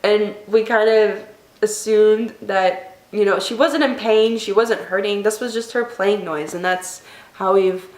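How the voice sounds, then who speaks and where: A young woman talks straight to her camera in a personal vlog, her voice emotional and tearful, often soft and halting. Her voice sits at a middle pitch. The room around her is echoey. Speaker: vlogger.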